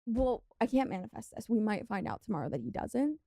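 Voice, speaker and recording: Young female co-host, higher voice, animated and profane, dry studio sound. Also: fairly quick, vocal fry, no room sound. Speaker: podcast co-host. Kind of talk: casual chat.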